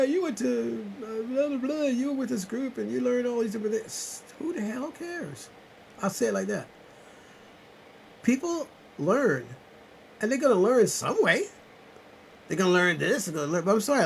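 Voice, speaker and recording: A man's voice: on the high side, gravelly, low-quality recording. Man from South Carolina hosting a live chat from his home computer, rambling and preachy, raised voice, fair hiss. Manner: rambling, swings from loud insistence to muttered asides. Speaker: channel host on a live chat. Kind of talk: rambling preachy livestream talk. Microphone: computer webcam mic.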